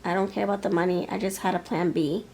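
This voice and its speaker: A woman voicing a calm, considerate lover in a matter-of-fact tone. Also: lowish voice, fast, slight background noise, natural voice. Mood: reassuring.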